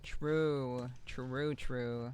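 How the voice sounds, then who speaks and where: A woman's voice: extremely low pitch, fairly even intonation, drawn-out words, darkish tone, slight background noise. A young adult woman streaming a game, chatting casually with viewers in a joking, profane way and often repeating herself. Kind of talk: casual gameplay chat.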